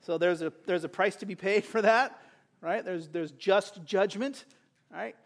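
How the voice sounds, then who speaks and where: A man preaching a sermon, impassioned, swinging between loud urgent appeals and soft, intimate asides, often checking in with a conversational "right?". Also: sits high, a little slow. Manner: conversational, with frequent rhetorical "right?".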